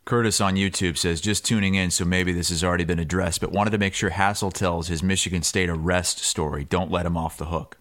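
A man co-hosting a sports podcast, telling a story in casual chat and shouting the quoted lines loudly. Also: low voice, fairly even intonation, brisk, hardly any pauses. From Iowa. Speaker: podcast co-host.

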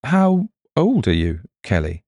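A man voicing a smooth, coaxing charmer who is secretly a murderer. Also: mid-range voice, wildly swooping pitch, slow pace, mellow, dry recording, clean studio sound, voice pushed up, exaggerated voice. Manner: smooth and coaxing, then nervous. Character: smooth, menacing male charmer turned murderer.

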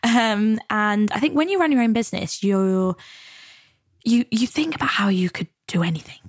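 A woman's voice: mid-range voice, lively intonation, moderate pace, no echo, studio quality. A woman from the UK hosting a podcast, talking in a chatty, earnest and motivational way about goals and coaching. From United Kingdom. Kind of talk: reflective solo podcast talk.

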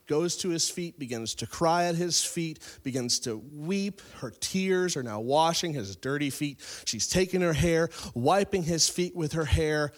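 A male preacher with a mid-range voice delivers a sermon that retells a Bible story casually, shifting between loud, stressed phrases and hushed ones.

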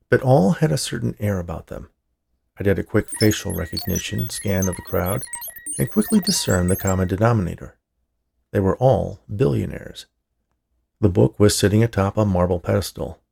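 A man reading a story aloud in a dry, measured narrating manner. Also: low voice, creaky, a little mellow. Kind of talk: scripted narration.

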